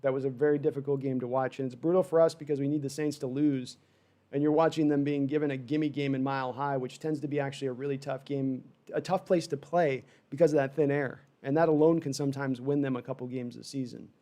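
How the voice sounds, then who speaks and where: Hosting a fan livestream, a man offers a rambling, animated live sports reaction, reading chat and letting out frustrated asides. He's a fast talker with a mid-range voice.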